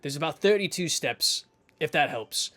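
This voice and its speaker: A man voicing a large, secretive male bar boss who speaks calmly and dryly. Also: a little high, moderate pace.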